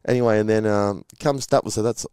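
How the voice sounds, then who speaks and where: A middle-aged man chatting as an interview guest, his voice sitting very low. He talks quickly and acts out the people in his anecdotes. The sound is dry and close. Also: steady tone, a little mellow, clear, resonant tone, no echo. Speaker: podcast guest, former rugby league player. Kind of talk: casual storytelling interview.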